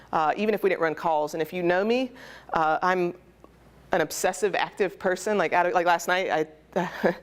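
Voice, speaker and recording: A young woman gives a candid talk at a conference, her voice sitting a little low. She tells her personal story in a loose, conversational way, with plenty of feeling behind it. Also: clear, resonant tone. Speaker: conference speaker. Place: conference hall.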